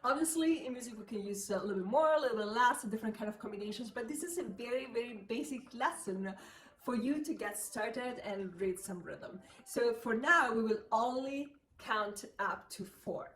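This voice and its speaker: A woman's voice: a little high, animated, moderate pace, fairly bright tone, slight background noise. A woman giving a beginner piano lesson, patiently counting beats and chanting rhythm syllables aloud. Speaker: piano teacher.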